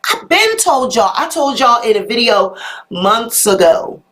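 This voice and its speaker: A woman's voice: fairly high pitch, very animated, unhurried, fairly bright tone. A woman hosting a live gossip commentary show, talking sassily to her viewers and reacting to their comments. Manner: sassy, talks straight to viewers with "honey" and "y'all". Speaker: YouTube live show host.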